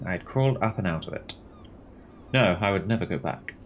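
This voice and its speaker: A man streamer reading a text game aloud with wry, expressive delivery. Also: sits low, a little fast, lo-fi sound, a little hiss or hum.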